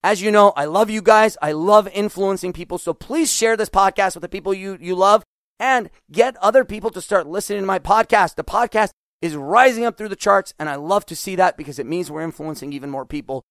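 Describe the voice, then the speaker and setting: A middle-aged man hosting a solo podcast as a business coach, talking in an energetic, animated way. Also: high voice, brisk, no echo, clean studio sound. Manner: energetic, animated, acts out quoted voices.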